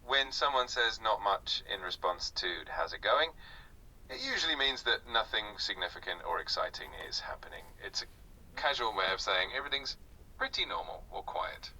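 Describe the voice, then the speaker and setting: A male AI tutor with a very bright, slightly husky voice gives upbeat, smooth explanations in friendly casual chat. His replies come from a device speaker, picked up from some distance away. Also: on the low side, animated, normal speed. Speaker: AI conversation partner.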